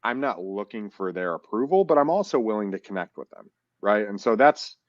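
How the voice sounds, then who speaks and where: A man co-hosting a podcast in casual chat, telling stories in an animated way and acting out phone calls. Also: lowish voice, a little fast, no echo, highs cut off. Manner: animated, acts out phone calls, says "dude" and "like" a lot. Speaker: podcast co-host and real estate investor.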